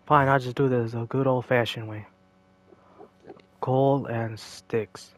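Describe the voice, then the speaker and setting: A man giving casual gameplay commentary, jokey and excitable, talking to himself and to the game's creatures. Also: mid-range voice, takes it slowly.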